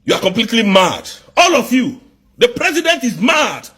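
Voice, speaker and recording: A man with a very high, husky voice. He rants angrily about politics, firing off repeated rhetorical questions and breaking into shouts. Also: big pitch swings, normal speed. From southeast Nigeria. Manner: fiery, repetitive rhetorical questions, bursts of shouting. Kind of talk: angry political rant.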